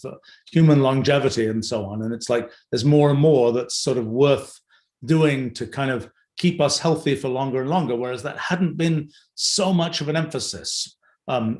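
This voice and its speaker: A man's voice: medium pitch, darkish tone. An older man hosting an unscripted livestream Q&A, thinking aloud with many fillers and restarts. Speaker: host answering audience questions. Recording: roomy echo.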